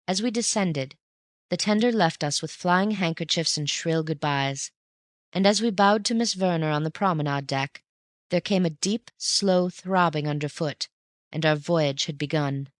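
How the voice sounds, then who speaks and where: An audiobook narrator reading a classic novel in a measured, steady way. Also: medium pitch, no echo, clean studio sound.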